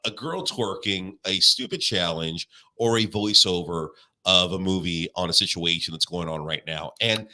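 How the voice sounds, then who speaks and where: A man's voice: deep voice, animated, moderate pace, hardly any pauses, pushed and bright. A young man co-hosting a podcast in casual chat, rambling with restarts and swearing. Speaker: podcast co-host.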